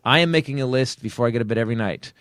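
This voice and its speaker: A man's voice: mid-range voice, a bit bright, no room sound. Rambling, joking man on a podcast. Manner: rambling, joking, quick to laugh. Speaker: comedy podcast host. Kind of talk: casual comedic chat.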